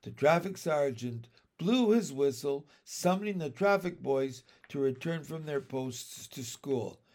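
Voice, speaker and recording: Guy reading a kids book out loud, slow, measured, bit of fry in the voice. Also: fairly high pitch. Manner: measured, expressive storytelling. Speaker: narrator. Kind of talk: reading a children's book aloud.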